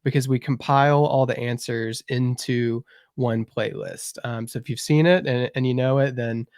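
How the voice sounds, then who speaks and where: A man hosting a casual podcast interview, relaxed, with frequent restarts. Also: mid-range voice, moderate pace, dry recording, studio quality. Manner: relaxed, stammers and restarts often. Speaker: podcast host.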